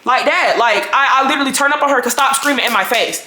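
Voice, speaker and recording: A woman in her twenties telling a storytime to her viewers in a lively, fussing way. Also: high-pitched, fast talker. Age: 20s. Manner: animated, fussing, talks straight to viewers. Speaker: vlogger. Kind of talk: casual storytime. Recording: echoey room.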